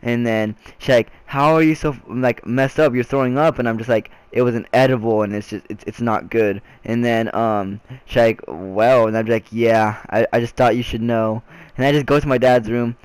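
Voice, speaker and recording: A man's voice: mid-range voice, moderate pace, hardly any pauses, clean tone, no room sound. A young man vlogging a casual storytime, rambling with frequent restarts and filler words.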